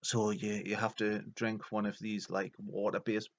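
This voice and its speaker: A video narrator with a lowish, monotone voice tells a comedic story at a moderate pace, joking along and putting on silly voices for the people he quotes. The recording sounds muffled.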